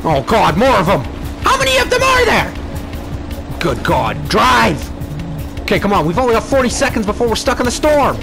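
Excitable young man doing game commentary. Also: high voice, normal speed, vocal fry. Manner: excitable, swears, frantic exclamations. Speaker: gaming channel host. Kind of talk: let's play commentary. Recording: game music underneath.

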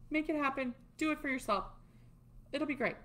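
A woman's voice: high voice, fairly quick, a bit bright. Chatty woman coaching a tapping routine. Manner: chatty, demonstrates while talking, self-deprecating. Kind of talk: casual instructional talk.

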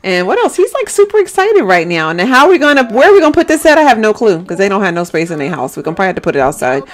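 A woman's voice: medium pitch, very animated, racing. A woman giving chatty, giggly let's-play commentary on a life-simulation game, talking straight to her viewers.

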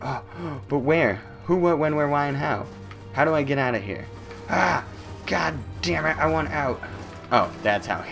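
Male let's-play commentator, gravelly and lively, goofy, taunting, bursts into yells. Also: medium pitch, normal speed, over music. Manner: goofy, taunting, with sudden loud outbursts. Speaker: gameplay commentator.

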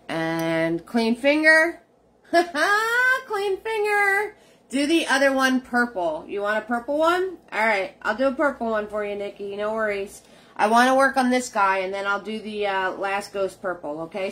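Slow-talking woman teaching painting. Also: mid-range voice, fairly bright tone. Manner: chatty, talks to viewers while painting. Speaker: painting instructor. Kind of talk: live painting tutorial.

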